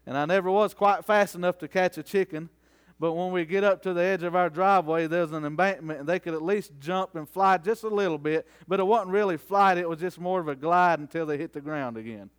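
Preacher guy, high clear voice, asks the crowd for amens, gets fired up. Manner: rhetorical call-and-response, rising into fervent slow declamation. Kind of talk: sermon.

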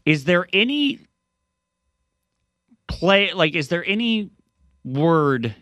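Rambling man with a slightly high voice. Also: expressive, slow, fairly bright tone, no room sound, studio quality. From Tennessee and Missouri, US. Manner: rambling, hesitant, self-interrupting. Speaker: radio show producer asking questions. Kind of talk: casual sports radio banter. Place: radio studio. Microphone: studio mic.

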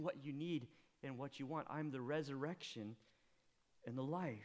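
A man preaching a sermon, swinging from hushed, intimate lines to loud, impassioned appeals. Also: mid-range voice, moderate pace. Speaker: pastor.

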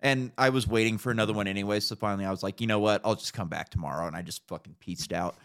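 A man's voice: lowish voice, steady tone, racing, a bit bright, smooth. A man co-hosting a podcast, telling stories in a profane, ranting way in casual chat. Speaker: podcast co-host.

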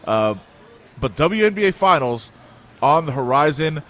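A man's voice: on the high side, sing-song, unhurried, fairly bright tone. A man hosting a casual sports talk show, easygoing and full of filler uhs as he sets up segments. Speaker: sports radio host.

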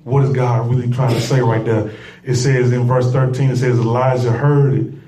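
A man preaching a sermon with call-and-response, repeating phrases and building to shouts. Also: medium pitch, little pitch movement, moderate pace, recorded from a distance. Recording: echoey room, voice off-mic.

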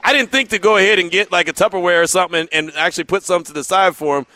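A man's voice: high voice, racing, dry recording. A man hosting a sports radio pregame show, chatting casually and telling stories with lots of laughter. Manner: animated, laughing, chatty storyteller.

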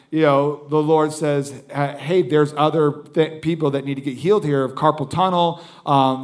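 A man preaching as a guest speaker, telling a story in an animated way and acting out what everyone said. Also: on the high side. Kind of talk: sermon storytelling.

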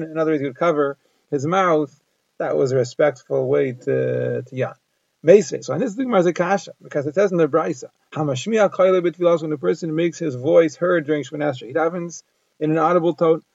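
A man's voice: fairly high pitch, gravelly, a little mellow, no room sound. A man giving a daily Talmud lesson, translating phrase by phrase in an explanatory manner. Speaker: Talmud teacher. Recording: dull lo-fi dry recording.

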